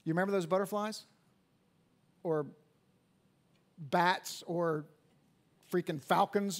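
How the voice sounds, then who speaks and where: High-voiced pastor preaching with dramatic swings. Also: male voice, slow pace, long pauses. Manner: animated, swings from hushed to loud emphatic peaks; repeats words as he restarts. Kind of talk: sermon. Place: church sanctuary at a live service.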